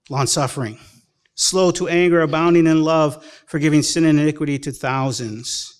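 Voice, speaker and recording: A man's voice: on the high side, clean tone. A man preaching a sermon as pastor, telling folksy stories with chuckles and acting out the people in them. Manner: folksy storytelling with chuckles and acted-out quotes. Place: church sanctuary.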